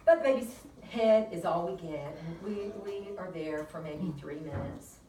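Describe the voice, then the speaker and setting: A woman's voice: on the low side, normal speed. A woman midwife chattily telling a birth story to colleagues, laughing often as she talks. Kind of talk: casual storytelling at a peer review. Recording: roomy, distant and noisy room recording.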